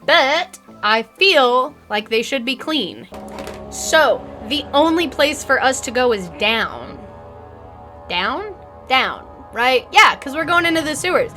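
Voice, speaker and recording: A chatty woman rambles and jokes through her horror game let's play. Her voice sits high and bright, with faint music running underneath. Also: sing-song, slow pace. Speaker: gamer.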